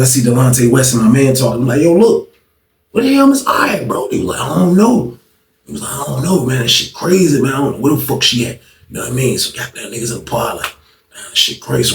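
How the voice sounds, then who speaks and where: A man telling a story from his past in a casual, animated way, full of slang and repeated lines, acting out what people said. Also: medium pitch. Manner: animated, slangy, repetitive, acts out quotes. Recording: echoey room, distant mic.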